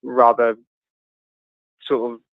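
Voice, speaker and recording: A man's voice: medium pitch, little pitch movement, slow pace, vocal fry, no echo. A man chatting casually on a livestream, joking crudely, laughing often and stumbling over fillers. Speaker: guest on a livestream chat. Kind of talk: casual banter. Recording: tinny phone-like video call audio, dry.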